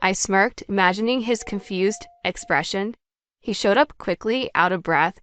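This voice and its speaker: A woman reading a first-person story aloud as narrator, in a plain, steady way. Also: medium pitch, normal speed, clean tone, soft background music.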